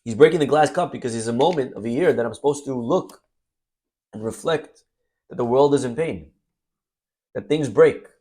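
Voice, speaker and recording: With a mid-range voice at a moderate pace and frequent pauses, a man teaches a Torah class as a rabbi. He brings the sermon to life by animatedly acting out scenes, with sudden bursts of energy.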